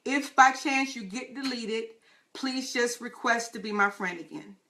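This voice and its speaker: A woman hosting her own live talk show, chatting excitedly with her listeners and calling them y'all. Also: fairly high pitch, measured pace, slight background noise.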